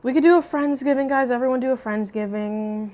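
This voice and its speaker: A young woman chatting casually while eating on camera, loud and profane, jumping between shrieks and low mutters. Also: fairly quick. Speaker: mukbang vlogger. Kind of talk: casual eating vlog chat.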